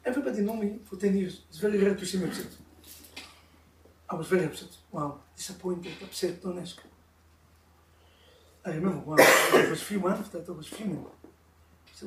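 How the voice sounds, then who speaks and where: A man's voice: sits high, brisk, long pauses. A middle-aged man with an Israeli accent, a rabbi teaching a couples class, telling stories animatedly in broken English. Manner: animated storytelling, mimics voices, broken English. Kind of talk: informal religious class with stories. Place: room of a live-streamed class. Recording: echoey room, distant mic, faint noise.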